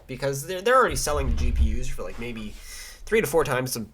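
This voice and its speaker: A man's voice: mid-range voice, very animated, fairly quick, fairly bright tone. A young man ranting casually on a vlog, rambling and stammering with many restarts and fillers, swearing now and then. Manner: mock voices for quoted people. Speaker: vlogger. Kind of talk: casual rant to camera.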